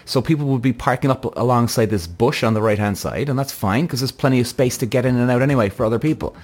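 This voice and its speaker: A podcast host in a casual ranting monologue, exasperated, swearing freely and rambling through a story. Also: male voice, medium pitch, fast talker.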